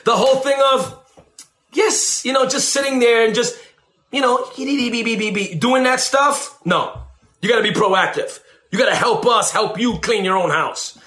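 High bright preacher guy, super animated, echoey room. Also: unhurried, soft background music. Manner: animated preaching, mimics shouting and tongues, calls listeners baby. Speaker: deliverance minister. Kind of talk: sermon.

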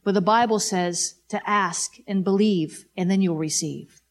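A woman preaching a sermon, exclaiming praise and repeating key lines, slowing right down to read scripture with weight. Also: mid-range voice. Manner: exclamatory, repetitive, slows down to read scripture emphatically.

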